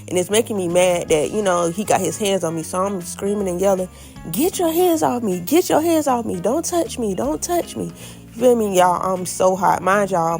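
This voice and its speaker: A young woman tells a storytime vlog in a casual, animated way, talking straight to her viewers and acting out what people said. Her voice sits fairly low with a gravelly fry, and soft music plays underneath. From Florida. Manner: animated, addresses viewers as y'all, acts out quotes. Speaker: vlogger.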